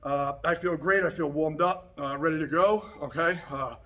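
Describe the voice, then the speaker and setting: A karate instructor talks straight to the camera after a workout, his fairly high voice still carrying a little breathlessness. He coaches in a loose, easygoing way and keeps checking in with his viewers. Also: normal speed. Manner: relaxed, repetitive coaching with frequent okay and right. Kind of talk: casual instructional talk to camera. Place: martial arts practice space, indoors.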